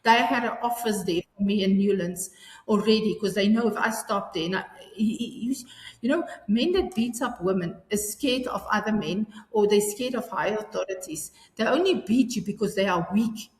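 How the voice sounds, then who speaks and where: A woman's voice: mid-range voice, moderate pace. A woman, telling her story earnestly in an interview, often restarting her sentences. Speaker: guest. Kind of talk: personal interview. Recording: echoey room with long reverb.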